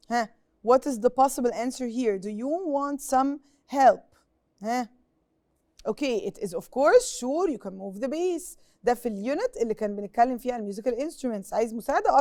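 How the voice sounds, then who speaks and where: A woman's voice: fairly high pitch, dark tone, no echo, clean studio sound. A young Egyptian woman teaching an English lesson on TV, asking pupils questions and repeating each point in Arabic. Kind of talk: TV classroom lesson.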